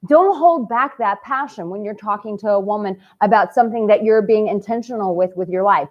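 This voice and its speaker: A woman's voice: mid-range voice, fairly quick. A woman with a mid-range voice talks straight to her viewers as a dating coach for men. She is passionate, candid and cheeky, and she swears now and then. The recording sounds slightly dull and muffled. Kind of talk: direct-to-camera advice vlog.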